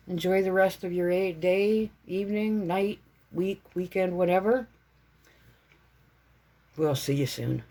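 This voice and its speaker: A woman's voice: fairly low pitch, takes it slowly, pauses often, mellow. A woman vlogger chatting casually about her crafts, meandering and chatty with many fillers and self-corrections. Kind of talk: casual rambling vlog chat.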